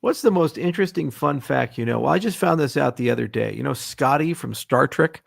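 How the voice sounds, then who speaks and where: A middle-aged man with a deeply gravelly, husky voice riffs through viewer questions on a livestream. He jokes and swears freely. The sound is dry and close, with no room around it. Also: expressive, brisk, no room sound. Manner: irreverent, joking, swears freely. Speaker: host answering viewer questions. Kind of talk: casual livestream Q&A.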